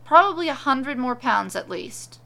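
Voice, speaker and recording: Brief: a woman doing a spoiled witch wife, pitched high, shrieking and bossy, with a gravelly edge. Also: sing-song, normal speed, sharp tone, heavily acted. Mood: annoyed, yelling. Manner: shrieking demands. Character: lazy, lustful young witch woman, shrill when annoyed.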